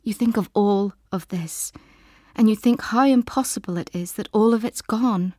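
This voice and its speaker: A woman narrating a literary audiobook in a slow, measured, intimate and soft way. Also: mid-range voice, no echo, studio quality.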